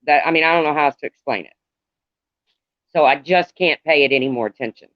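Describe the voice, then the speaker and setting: A middle-aged man talking to viewers on a live stream in a halting, rambling way, calling out commenters by name. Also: on the high side, dry recording. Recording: dull lo-fi, dry sound.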